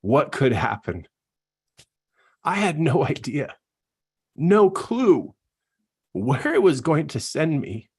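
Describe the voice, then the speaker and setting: A man's voice: fairly high pitch, sing-song, takes it slowly, pauses often, husky. A middle-aged man, a coach, giving an earnest, emotional personal testimony in a live online talk and laughing at himself.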